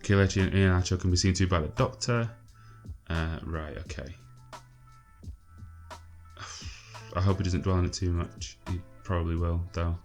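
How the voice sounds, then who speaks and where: Man, low voice, casual gameplay commentary, chatty, exasperated, swears a lot, faint music behind. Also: fairly even intonation, moderate pace, pauses often, a little mellow. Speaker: gaming channel host.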